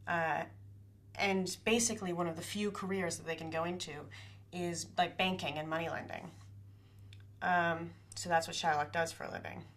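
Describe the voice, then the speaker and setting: A young woman casually retelling a play's plot in a chatty way, full of fillers and quick paraphrased quotes. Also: lowish voice, a bit bright. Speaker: storyteller.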